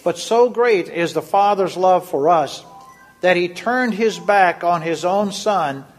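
A man reading a scripted Lenten devotion in a measured, solemn way. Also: high-pitched, faint music behind. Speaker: devotion reader.

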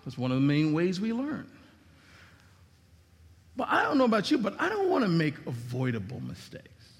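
A man preaching a sermon as pastor, emphatic, with sweeping swings in pitch and volume. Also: wildly swooping pitch, normal speed, pauses often, husky, in a large hall. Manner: emphatic preaching with dramatic drops and rises in pitch.

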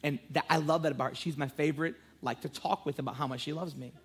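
A pastor in his thirties preaches a sermon, praying fervently and telling playful, joking stories about his family. His voice is fairly high with fairly even intonation, and he speaks fast.

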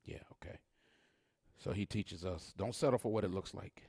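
A man preaching a sermon as pastor, leading call-and-response and swinging between hushed, drawn-out lines and loud, rising ones. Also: deep voice, gravelly, breathy edge, no room sound, studio quality.

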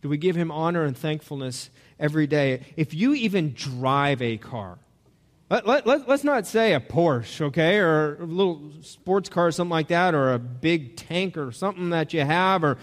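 A man's voice: a little high, lively intonation, normal speed, big-room sound. A man preaching a sermon to a congregation, talking in a conversational way and asking them questions. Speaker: pastor.

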